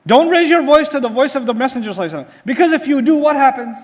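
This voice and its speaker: Male preacher, very high voice, lively storyteller, quizzes the audience. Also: racing. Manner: asks the audience rhetorical questions; animated storytelling. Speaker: Islamic teacher. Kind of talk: sermon-style lecture.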